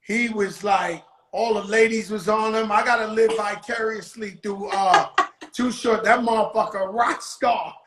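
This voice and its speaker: Man host, excitable and slangy, high voice, roomy echo on the mic. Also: a little slow, very noisy. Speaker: interviewer host. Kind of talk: casual interview chat. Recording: echoey room.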